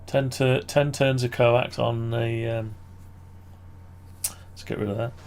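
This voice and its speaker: A man's voice: medium pitch, little pitch movement, takes it slowly, a little mellow. A man walking through his amateur radio antenna project on screen, thinking aloud and correcting himself as he goes. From United Kingdom. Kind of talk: casual screen-share walkthrough.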